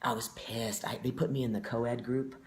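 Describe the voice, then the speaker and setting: A man of middle pitch talks as an interview guest, earnest and reflective. He thinks aloud and leans on fillers. His voice rings in a noticeably echoey room. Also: steady tone, normal speed, a little hiss or hum. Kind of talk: casual conversation.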